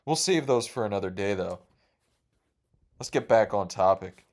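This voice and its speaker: Young male podcast host, rambling profane storyteller, excitable. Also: lowish voice, moderate pace.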